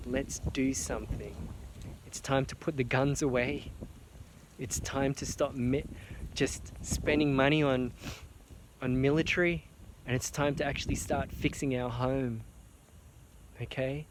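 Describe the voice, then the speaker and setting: A man's voice: medium pitch, a little hiss or hum. A man, an artist, making an earnest, emotional appeal to camera, near tears and repeating phrases for emphasis. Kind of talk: heartfelt personal appeal to camera.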